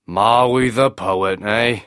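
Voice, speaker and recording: A man's voice: lowish voice, drawn-out words, fairly bright tone, clean tone, dry recording, clean studio sound. A man voicing a grumbling, doubtful young brother in a storybook.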